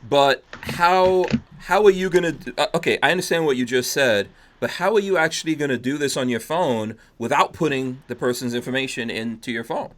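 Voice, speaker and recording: A man's voice: medium pitch, brisk, hardly any pauses, a bit bright. A man hosting a podcast, chatting loosely and reading out viewer comments. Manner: loose and joking, trails off and restarts. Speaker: podcast host.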